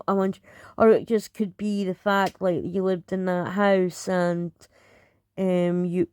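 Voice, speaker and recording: A woman's voice: fairly low pitch, darkish tone, clear, resonant tone, no echo, studio quality. A Scottish woman reacting to videos in casual, hesitant commentary with many fillers.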